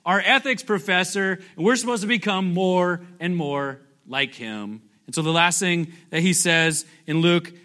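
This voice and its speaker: A man's voice: high voice, unhurried, few pauses, bright, forceful tone. A pastor preaching a conversational sermon, often asking his congregation questions and acting out scripture in a playful, joking way. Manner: jokey, playfully acts out scripture.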